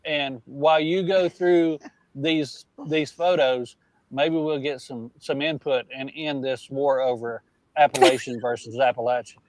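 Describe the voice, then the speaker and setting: A man's voice: mid-range voice, takes it slowly, rough recording. A man who is a guest on a podcast, chatting casually about his trailer in a jovial, talkative way. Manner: jovial, chatty, steers the talk.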